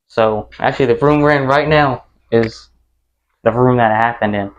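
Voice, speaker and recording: A young man co-hosting a podcast in casual chat, excitable and dropping "bro" often. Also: medium pitch, normal speed, highs cut off. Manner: excitable, says "bro" a lot. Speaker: podcast co-host.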